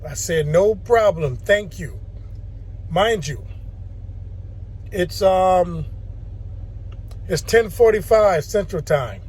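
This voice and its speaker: Laid back trucker guy vlogging from his cab, husky voice, road hum behind. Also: high voice, lively intonation, slow, long pauses, a little mellow. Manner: chatty, easygoing, laughs at himself. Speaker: truck driver. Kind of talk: casual vlog talk to camera.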